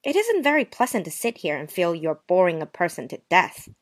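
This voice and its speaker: A woman's voice: lowish voice, big pitch swings, brisk. A woman playing a prim, offended young woman. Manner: sarcastic, wounded politeness. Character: touchy young woman, prim and passive-aggressive. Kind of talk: dramatized short story reading.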